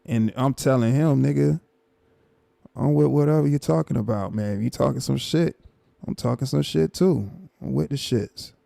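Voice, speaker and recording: A man's voice: mid-range voice, normal speed, creaky, mellow, no echo. A man hosting a live stream, casually reacting to a clip with exasperated, repetitive disbelief and chuckles. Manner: exasperated, repeats himself, laughs in disbelief.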